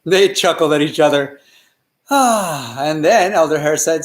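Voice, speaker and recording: A male storyteller narrating a children's story in an animated way and often asking the listeners questions. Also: a little high, measured pace, echoey room.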